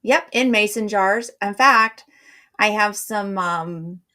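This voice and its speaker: A woman's voice: medium pitch, takes it slowly, bright, forceful tone. A middle-aged woman hosting a live stream, chatting casually and rambling in a friendly way.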